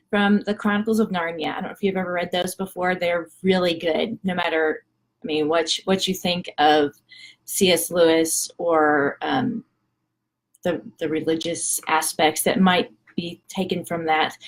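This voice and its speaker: A woman who chats casually on her vlog and retells a story with many fillers and restarts. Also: mid-range voice. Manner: chatty, lots of fillers and restarts while retelling. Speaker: vlogger.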